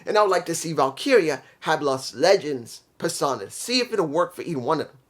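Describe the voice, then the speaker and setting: A man's voice: fairly high pitch, lively intonation, fairly quick. Blunt, emphatic man reviewing wrestling. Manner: blunt, emphatic, repeats points. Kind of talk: casual opinionated review monologue.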